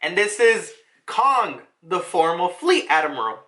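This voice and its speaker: A man recapping a comic chapter in a loose, excitable way, swearing casually between reactions. His voice is bright and forward, with pitch that jumps all over the place. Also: a little slow, slight background noise.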